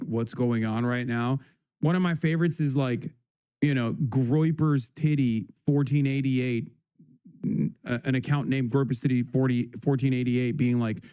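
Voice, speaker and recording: Profane, ranting male streamer, mellow tone. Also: medium pitch, clean tone, no room sound, clean studio sound. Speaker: livestream host. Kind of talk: casual reaction stream.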